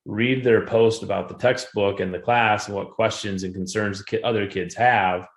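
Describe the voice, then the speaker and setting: A male teacher gives a conversational conference presentation on how his classes use their textbook, growing animated when he retells anecdotes. His voice is low and gravelly, and the recording has a roomy echo.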